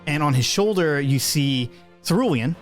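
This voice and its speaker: A man's voice: fairly high pitch, animated, moderate pace, soft background music. A man running a tabletop game, narrating the scene in a casual, hesitant way. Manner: casual and hesitant, with many fillers. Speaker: game master.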